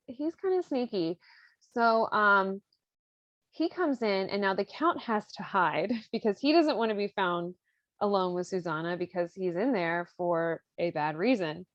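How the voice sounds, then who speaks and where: A woman's voice: a little high, dry recording. A young woman hosting a podcast, retelling a story in a casual, irreverent way with slang and the odd swear word. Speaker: podcast host. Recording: dry, slightly dull lo-fi sound.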